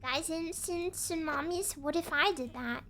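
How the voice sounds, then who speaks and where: A woman's voice: extremely high pitch, unhurried, fairly bright tone, slight background noise. A woman streaming a game, chatting in a playful, goofy way and bantering with her chat. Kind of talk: casual gaming stream chat.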